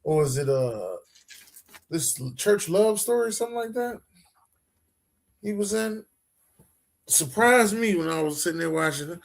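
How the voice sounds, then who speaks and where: Man, podcast co-host, slightly high-pitched, joking casual banter. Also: animated, unhurried, vocal fry, pauses often. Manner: joking, drawls and trails off. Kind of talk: casual chat.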